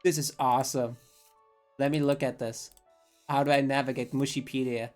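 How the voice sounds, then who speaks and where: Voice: medium pitch, level tone, moderate pace, a little mellow, faint music behind. A streamer commenting on a game live, blunt and rambling with frequent swearing and laughing asides.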